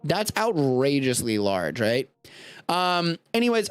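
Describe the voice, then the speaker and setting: With soft music in the background, an American podcast host speaks unhurriedly in a voice on the high side. He's live-streaming, chatting casually and rambling along with animated, jokey asides.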